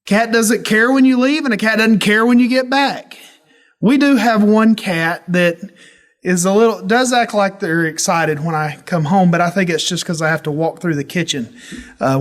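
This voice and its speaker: A man leading a church Bible study, teaching in a folksy, animated storytelling way. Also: high voice, normal speed. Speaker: pastor.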